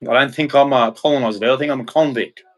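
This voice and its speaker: A man's voice: medium pitch, fast. An Australian man in his thirties ranting bluntly and heatedly in a casual monologue, swearing freely. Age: 30s. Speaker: vlogger.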